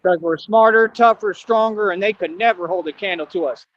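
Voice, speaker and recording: A young man with a high voice rants on a livestream, emphatic and combative, full of street slang. The sound is dull and lo-fi. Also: a little fast, background noise. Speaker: streamer. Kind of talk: livestream rant. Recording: dull lo-fi audio.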